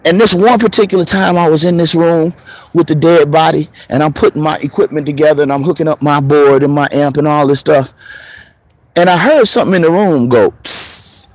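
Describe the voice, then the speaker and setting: A man in his thirties telling a story in a casual, profane monologue, laughing often and swinging between preacher-like highs and murmurs. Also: a little fast, darkish tone, no echo. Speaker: show host.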